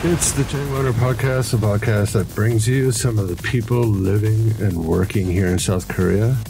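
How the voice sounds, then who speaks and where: Gravelly low-voiced male podcast host. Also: normal speed, warm tone, soft background music. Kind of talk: podcast hosting.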